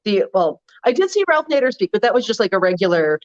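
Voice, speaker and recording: A woman's voice: mid-range voice, big pitch swings, fast talker. A woman co-hosting a casual political chat over a video call, blunt and wry, with lots of "like" and "um". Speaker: co-host. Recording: dull lo-fi audio.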